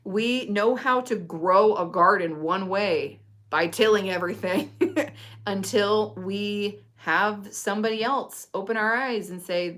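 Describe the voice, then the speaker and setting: A woman's voice: medium pitch, a little slow, a bit bright. A woman herbalist giving casual advice in a chatty, earnest way, with frequent fillers and restarts. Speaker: herbalist host.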